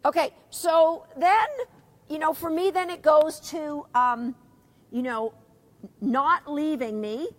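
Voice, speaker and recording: A woman's voice: high-pitched, slow. A middle-aged woman teaching a live dog agility seminar, chatty, asking her students questions and reading out their comments.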